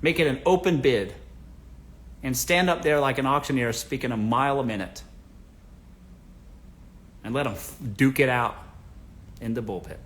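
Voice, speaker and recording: A man's voice: medium pitch, normal speed, pauses often. A man hosting a livestream who gives blunt, joking advice and calls his viewers folks. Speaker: livestream host answering viewer questions. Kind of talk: casual livestream advice chat.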